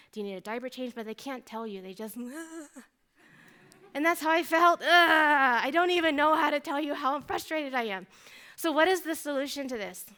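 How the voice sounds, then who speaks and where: A woman in her thirties speaks at a symposium, telling her own story with earnest energy and acting out her past thoughts. Her voice sits a little high and sounds smooth and clear. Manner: earnest, animated storytelling with quoted inner thoughts. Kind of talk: personal testimony talk. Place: lecture hall.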